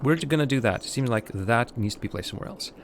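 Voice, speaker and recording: Speaking fast and animatedly at a medium pitch, this Latvian livestreamer, whose first language is Russian, comments on his game live and talks to his viewers in between. His delivery rambles, full of fillers and restarts as he thinks aloud. A little hiss or hum sits in the background.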